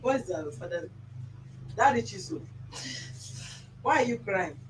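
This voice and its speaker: A woman's voice: mid-range voice, lively intonation, unhurried, background noise. A Nigerian woman hosting a mediation session, firm and lecturing, giving commands. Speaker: mediator host. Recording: roomy office sound from a distance.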